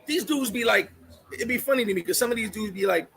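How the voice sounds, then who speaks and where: A man's voice: high-pitched, quick pace, gravelly, a bit bright, poor audio. A man hosting a casual livestream, ranting bluntly and sarcastically, shifting into chatting with viewers. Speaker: livestream host. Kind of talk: casual live-stream rant.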